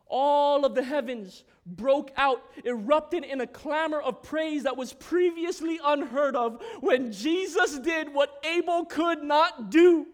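A man preaching a sermon, moving between hushed scripture reading and impassioned shouted declarations. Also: very high voice, slow pace, few pauses.

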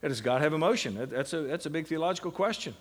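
A middle-aged man lecturing a classroom, with a voice that sits a little high for a man. He keeps firing questions at the students and answering them himself, swinging from hushed asides to loud, lively bursts. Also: racing, breathy edge. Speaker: seminary lecturer. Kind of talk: classroom lecture on Bible meditation.

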